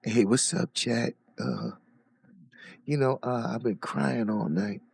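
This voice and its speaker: A man's voice: mid-range voice, sing-song, takes it slowly, vocal fry, a little mellow, breathy edge, no echo, pitched below the performer's own voice, full character voice. A man putting on a mopey, self-pitying voice to mock someone as a weepy, broken grown man. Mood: mock sorrow.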